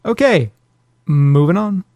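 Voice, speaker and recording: A man's voice: high-pitched, lively intonation, slow, darkish tone, a little hiss or hum. A man hosting a podcast, chatting in a laid-back, wry, agreeable way. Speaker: podcast host. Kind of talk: casual chat.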